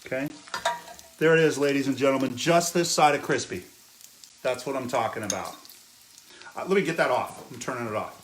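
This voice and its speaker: A man's voice: mid-range voice, fairly quick, pauses often, echoey room, a little hiss or hum. A man hosting a casual live cooking demo in his kitchen, chatting with viewers and often checking in with "okay?". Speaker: chef hosting a cooking stream. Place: home kitchen.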